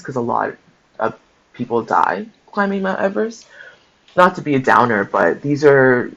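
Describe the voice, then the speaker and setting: A man hosts a casual book share. He reads passages aloud and breaks off into heartfelt, conversational asides, and his voice sits at an ordinary middle pitch. The recording is dull and lo-fi. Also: a bit bright. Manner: conversational, mixes reading aloud with emotional asides. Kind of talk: casual book reading with commentary. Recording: dull lo-fi sound.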